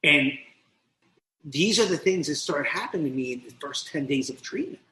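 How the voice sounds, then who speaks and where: Animated, profane man telling his story. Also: fairly high pitch, normal speed, a little hiss or hum. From New Jersey. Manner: animated, profane, acts out quoted voices. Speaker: podcast guest, recovery mentor. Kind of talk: personal storytelling in an interview. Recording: roomy echo.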